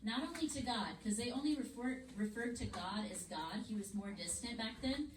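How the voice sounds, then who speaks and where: Woman teacher telling a bible story to kids, lively and a bit high, echoey room, mic far away. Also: normal speed, a little hiss or hum. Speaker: children's church teacher. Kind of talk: Bible story lesson for children. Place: church classroom.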